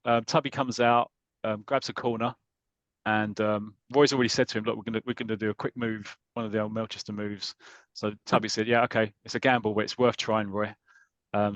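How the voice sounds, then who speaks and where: A British man on a podcast, casually retelling a football comic story with lots of ums and restarts, dropping into quick voices for the characters. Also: lowish voice, fairly bright tone, no room sound. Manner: chatty, hesitant with many ums and restarts, slips into voices for the characters. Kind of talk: casual chat.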